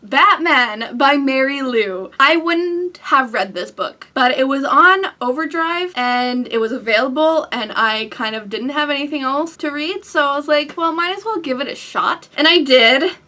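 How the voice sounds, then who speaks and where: Bright, high-voiced, gushing woman. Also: measured pace, few pauses. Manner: gushing, excitable, squeals with delight. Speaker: book vlogger. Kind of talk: casual book chat to camera.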